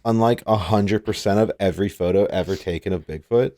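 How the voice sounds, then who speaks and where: A man's voice: on the low side, fairly quick, warm tone, dry recording, studio quality. A man co-hosting a podcast in casual chat, talking bluntly and swearing casually. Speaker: podcast co-host.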